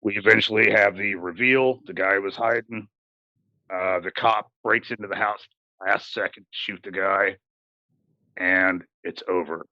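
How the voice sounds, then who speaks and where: A man's voice: low-pitched, steady tone, measured pace, no echo, dull audio. A man co-hosting a podcast, casually recapping a horror film in a rambling way, with many fillers and some swearing. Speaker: podcast co-host. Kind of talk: casual film review chat.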